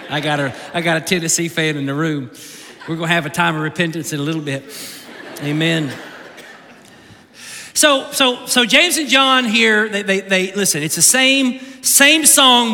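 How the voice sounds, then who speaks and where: A male pastor preaching an animated, humorous sermon, often repeating words as he goes. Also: a little high, normal speed, creaky. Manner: animated, joking, repeats words mid-sentence. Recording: long reverb of a large hall.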